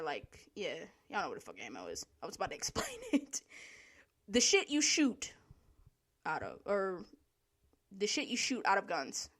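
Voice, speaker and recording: A young woman telling work stories to camera in a casual, profane, laughing rant. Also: mid-range voice. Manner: profane, animated, laughing, exasperated. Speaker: vlogger.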